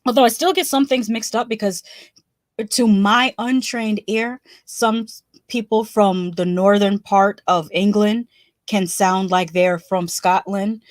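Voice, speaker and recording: A woman's voice: mid-range voice, steady tone, a little slow, no echo. Chatty woman streamer, dry close sound. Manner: chatty, laughs often, restarts and rambles. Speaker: livestream host. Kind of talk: casual live-stream chat.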